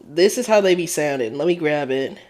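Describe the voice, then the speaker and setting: A woman's voice: low-pitched, lively intonation, a little fast, darkish tone. A woman streamer giving casual live gameplay commentary, blunt and profane, full of slang and laughter.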